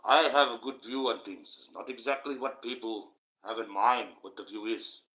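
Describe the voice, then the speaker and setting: Broadcasting from home late at night, a male livestream host delivers a rambling, emphatic monologue and thanks the viewers in his chat. His mid-range voice moves at a normal speed, and the stream audio sounds roomy, dull and lo-fi.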